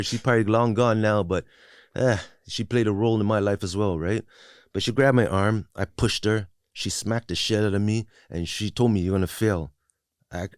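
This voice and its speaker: A man's voice: on the low side, no room sound, studio quality. A man in his forties telling his life story bluntly and profanely, with many restarts and "you know what I mean" tags; English is not his first language. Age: 40s. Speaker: guest. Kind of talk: candid personal storytelling.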